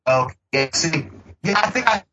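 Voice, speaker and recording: A man trading jokes on a casual movie podcast, swearing freely and breaking into laughter as he recaps scenes. His voice is bright and forward. The recording is a little dull, with a faint hiss underneath. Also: a little high, expressive, unhurried. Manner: profane, laughing, recaps plot with voiced quotes. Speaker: podcast co-host. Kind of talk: casual movie review chat.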